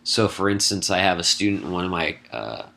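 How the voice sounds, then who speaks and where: A man's voice: deep voice, animated, creaky, bright, forceful tone. A middle-aged man, a college English instructor, casually walking students through an essay assignment with wry asides. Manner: casual, wry asides, lists points briskly. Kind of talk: recorded lecture explaining an assignment.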